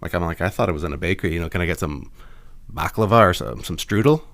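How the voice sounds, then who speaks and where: A man's voice: sits low, fast talker, a bit bright, no echo, studio quality. A man co-hosting a podcast in casual comedic chat, telling stories and laughing at puns. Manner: laughing, storytelling, playful puns. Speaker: podcast co-host.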